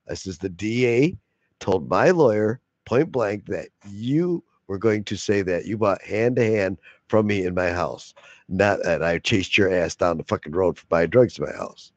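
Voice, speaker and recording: A man's voice: on the low side, darkish tone, no room sound. A man telling a long profane story in a casual way, laughing often and acting out the other voices. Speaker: video blogger.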